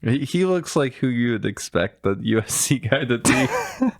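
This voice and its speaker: Lively-voiced man, playful podcast co-host. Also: medium pitch, normal speed, no room sound, clean studio sound. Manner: playful, laughing, finishes the other's lines. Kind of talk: casual retelling of a film from memory.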